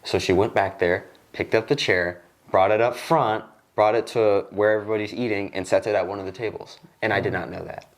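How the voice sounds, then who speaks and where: A young man hosting a podcast in a studio, telling a casual work story and acting out the people in it with sudden jumps in his voice. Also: fairly quick. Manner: animated, acts out quoted lines with jumps in pitch. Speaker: podcast host.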